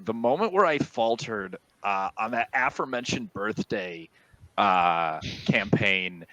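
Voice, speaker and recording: A man, a guest on a video call, telling stories from his tabletop games in an animated, laughing way. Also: on the low side, unhurried, dry recording, poor audio. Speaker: guest, D&D player. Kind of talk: casual storytelling on a video call.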